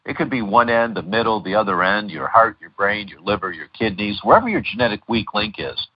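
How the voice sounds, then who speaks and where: A middle-aged man talks as an interview guest, his very low voice carrying a husky edge. He wanders through stories with frequent fillers and false starts. The sound is dull and lo-fi, like a call recording. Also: expressive, fairly quick. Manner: storytelling, many fillers and restarts. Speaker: guest doctor and lecturer.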